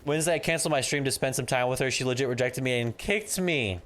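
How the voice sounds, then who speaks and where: Game music plays as a young man, a father, streams his gameplay in a slightly bright mid-range voice, speaking fast. He keeps the chat casual and lively, laughing often and performing bits of family conversations.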